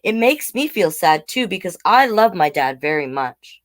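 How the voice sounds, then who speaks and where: A woman reading picture books aloud to children, with chatty, animated asides to the viewers. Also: on the low side, normal speed. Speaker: storytime reader.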